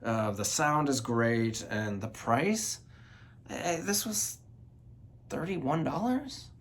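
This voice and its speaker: A man's voice: mid-range voice, lively intonation, slow pace. A man hosting his own record channel, chatting casually and enthusiastically about new finds, rambling with frequent restarts and fillers. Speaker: vinyl collector channel host. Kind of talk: casual record-haul chat.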